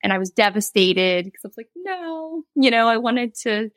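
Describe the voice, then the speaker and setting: A woman's voice: mid-range voice, steady tone, brisk, a bit bright, no room sound. A woman in her thirties, a guest telling a personal story in a candid, rambling way, with laughs and quoted asides. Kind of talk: casual interview storytelling.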